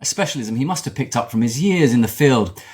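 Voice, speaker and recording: A man narrating a satirical documentary in a dry, deadpan, ironic way. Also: medium pitch, brisk. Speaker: comedian narrating his own film.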